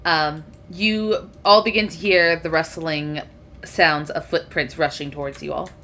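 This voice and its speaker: A woman's voice: low voice, steady tone, unhurried, bright, forceful tone, slight background noise. A woman narrating a tabletop game as game master, describing the scene with frequent fillers.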